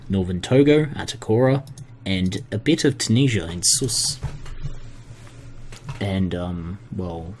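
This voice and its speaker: A man's voice: on the low side, a little hiss or hum. Man casually commenting on a game. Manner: relaxed, self-deprecating, stumbling over place names. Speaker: gaming commentator.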